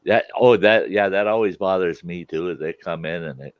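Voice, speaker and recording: A man's voice: low-pitched, normal speed, dry recording. A middle-aged man hosting a casual chat, telling stories with frequent laughter. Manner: laughs often, animated storytelling. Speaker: host. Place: outdoors at a campfire. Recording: dull lo-fi sound.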